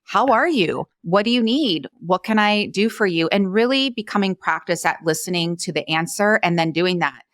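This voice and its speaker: A woman hosting a podcast interview, speaking in a gentle, thoughtful and encouraging way. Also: on the low side, animated, moderate pace, few pauses, dry recording. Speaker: podcast host. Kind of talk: conversational interview.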